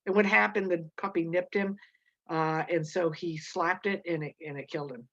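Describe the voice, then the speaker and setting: A woman teacher explaining a novel chapter and reading passages aloud, halting with many fillers and restarts. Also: fairly low pitch, fairly even intonation, a bit bright, dull audio.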